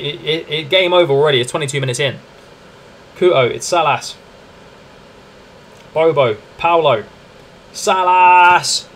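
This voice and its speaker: A young man streaming a football management game, commenting live in a chatty, excitable way and calling to his viewers as lads and mates. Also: a little high, slight background noise. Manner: excitable, chatty, keeps addressing "lads" and "mate".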